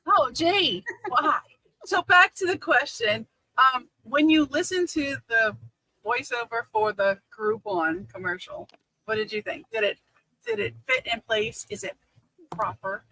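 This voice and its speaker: Bright high-voiced female co-host. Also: expressive, a little slow, husky, poor audio. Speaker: radio co-host and voiceover artist. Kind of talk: casual studio banter.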